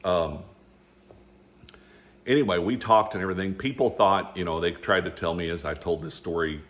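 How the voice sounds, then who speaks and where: A man with a very deep voice shares a personal faith testimony in an earnest, unpolished way. He wanders and restarts as he talks. He sounds middle-aged and speaks like he is chatting with a friend. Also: moderate pace, fairly bright tone. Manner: rambling and earnest, with frequent restarts. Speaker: storyteller sharing a faith testimony. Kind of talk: casual spoken testimony.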